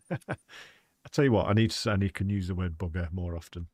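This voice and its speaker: Casual streamer, low-pitched and dry-sounding, chatting loosely with chat while he plays. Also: expressive, normal speed, darkish tone, slightly rough, dry recording. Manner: chatty, rambling, talks to his chat. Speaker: game streamer. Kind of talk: live gameplay commentary.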